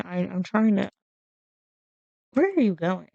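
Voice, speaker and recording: A woman's voice: medium pitch, sing-song, takes it slowly, creaky, dark tone, no room sound, lo-fi sound. A woman casually commenting on her life-sim game as she plays, rambling and laughing between remarks. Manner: chatty, rambling, laughing asides. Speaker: let's play streamer.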